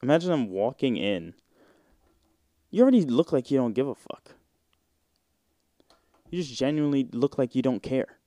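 A man's voice: medium pitch, sing-song, normal speed, long pauses, mellow, no room sound. A man in his twenties hosting a casual solo podcast, rambling in slang with plenty of fillers and swearing. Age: 20s. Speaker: podcast host.

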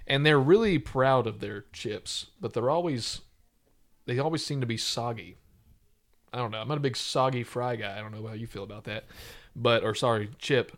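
A man's voice: mid-range voice, normal speed. Rambling, laughing American podcast host man. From United States. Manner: rambling, joking, laughs often. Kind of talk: casual chat.

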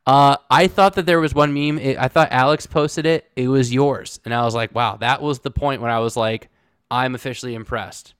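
A man's voice: mid-range voice, fairly even intonation, moderate pace, clean tone, no echo, clean studio sound. A man hosting a podcast in casual chat, teasing and laughing often. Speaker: podcast host.

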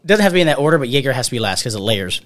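Young male podcast host, quick and jokey, laughs a lot, mid pitch. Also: sing-song, a bit bright. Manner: fast, joking, swears a lot, laughs often. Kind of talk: casual podcast chat.

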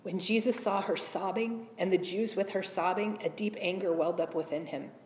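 A woman's voice: medium pitch, fairly even intonation, moderate pace, a little mellow, a little hiss or hum. A woman reading scripture expressively during a sermon, adding her own asides. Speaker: preacher. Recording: echoey hall.

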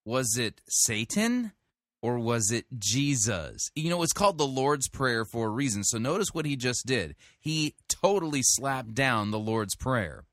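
A man hosting a show who critiques a sermon in an emphatic, deliberate way. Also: mid-range voice, very animated, fairly bright tone, no room sound, studio quality. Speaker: host reviewing a sermon. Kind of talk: podcast commentary.

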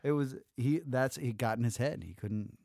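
A man's voice: mid-range voice, normal speed, creaky, darkish tone, no room sound. Regular-voiced guy cohosting a podcast, teasing and laid back, goes off on tangents, dry sound. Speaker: podcast co-host. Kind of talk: casual chat.

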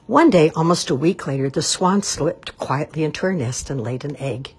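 A woman reading a children's novel aloud in an expressive, measured way. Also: deep voice, slightly rough. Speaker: storyteller.

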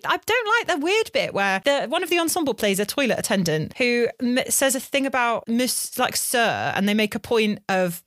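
A woman with a mid-pitched voice, walking through a story in casual podcast chat. She adds explanatory, teacherly asides. The recording is dry and close. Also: no room sound. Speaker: podcast co-host.

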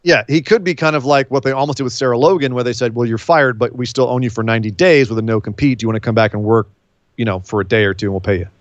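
A man co-hosting a podcast in casual chat, speculating at length and throwing in quick quips. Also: medium pitch, no echo, dull audio. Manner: speculative, rambling, quick to quip. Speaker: podcast co-host.

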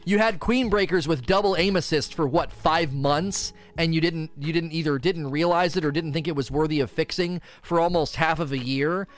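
A male streamer with a fairly high voice rants about a game in an animated, exasperated way, stumbling over and repeating his words. Faint music plays underneath. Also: normal speed, few pauses. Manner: animated, exasperated ranting with repetitions. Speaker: streamer answering community questions. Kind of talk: casual gaming commentary.

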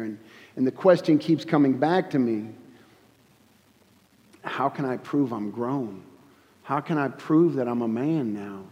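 A man's voice: medium pitch, dark tone, highs cut off. Man telling his testimony in a big echoing hall. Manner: halting, earnest storytelling with many restarts. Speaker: guest speaker giving testimony. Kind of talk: personal testimony at a church service.

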